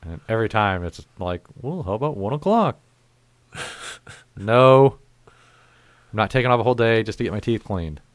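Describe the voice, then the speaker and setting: A man with a lowish, smooth, clean voice hosts a casual chat. He tells his stories in an animated, profane way, recorded dry and close. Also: moderate pace, long pauses, dry recording. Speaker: podcast host.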